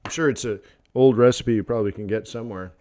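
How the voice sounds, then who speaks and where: A man's voice: mid-range voice, fast talker, a little mellow. A man hosting a trading livestream in casual chat, rambling between topics, laughing often and acting out quoted voices. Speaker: forex trading livestream host.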